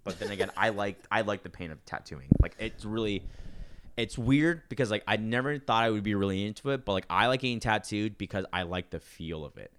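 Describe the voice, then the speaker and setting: Laid-back low-voiced young guy rambling. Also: a little fast, a bit bright, a little hiss or hum. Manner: rambling, filler-heavy storytelling. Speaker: podcast host. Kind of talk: casual chat.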